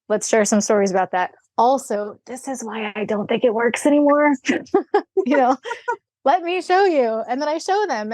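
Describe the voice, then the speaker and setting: Candid, animated woman in a dry close-mic podcast. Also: on the high side, no echo. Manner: candid and animated, acts out dialogue, laughs often. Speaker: guest, equine rehabilitator. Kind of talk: podcast interview, casual storytelling.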